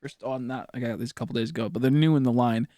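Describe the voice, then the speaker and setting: A man's voice: medium pitch, steady tone, fast talker, warm tone, no echo, studio quality. A man in his late twenties hosting a live stream, rambling casually and crudely to his chat, often laughing. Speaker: livestream host.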